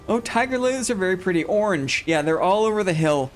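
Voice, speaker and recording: Male streamer, high voice, rambling casual chat, laughs a lot. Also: expressive, moderate pace, pauses often, slight background noise. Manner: rambling, self-interrupting, laughs often. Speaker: streamer host. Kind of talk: casual chat while gaming, reading chat.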